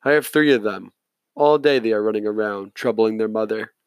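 A man's voice: fairly low pitch, brisk, clear, resonant tone, no echo, natural voice. A man voicing a middle-aged male hotel manager who rambles and turns curt when crossed, in a storybook reading. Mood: chatty.

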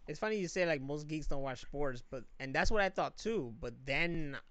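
A man's voice: moderate pace, dry recording. A man chatting casually on a podcast, telling stories animatedly and swearing freely. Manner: animated storyteller, swears freely, mimics others in high voices. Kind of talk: casual chat.

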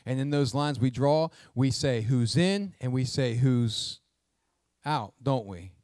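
A man's voice: medium pitch, lively intonation, slow pace, a little mellow, dry recording, studio quality. A male pastor preaching a sermon, emphatic and asking the congregation questions.

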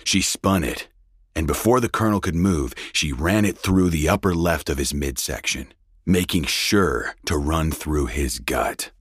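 A man narrating a western story in a steady, measured reading. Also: a bass voice, husky, dry recording, studio quality. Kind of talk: scripted audiobook narration.

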